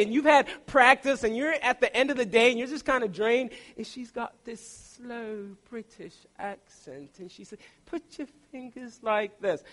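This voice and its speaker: Young male preacher, high voice, playful storyteller, sermon delivery. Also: a bit bright.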